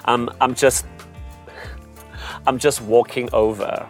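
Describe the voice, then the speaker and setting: A young man co-hosting a podcast, telling a dating story in a teasing, animated way. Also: medium pitch, slow pace, soft background music. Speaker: podcast co-host. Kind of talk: casual chat, storytelling.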